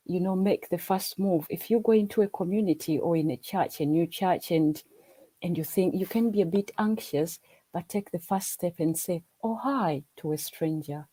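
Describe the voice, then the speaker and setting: A woman's voice: on the low side, warm tone, dry recording, poor audio. A Ugandan woman for whom English is a second language, chatting earnestly on a video call and often repeating herself as she restarts. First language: not English. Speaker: livestream guest. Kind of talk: casual chat.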